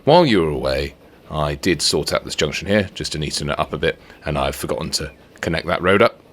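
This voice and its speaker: Very deep-voiced man, lively playful commentary. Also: fast. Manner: chatty and playful, jokes with himself while building. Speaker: let's play host. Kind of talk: casual gameplay commentary.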